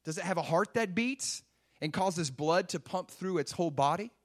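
A man's voice: high-pitched, animated, normal speed. A man preaching a sermon, emphatic and full of rhetorical questions. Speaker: pastor.

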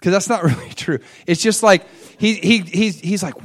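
A man's voice: sits high, moderate pace, slightly rough. A middle-aged man preaching a sermon, telling a personal story and acting out his own thoughts with energy.

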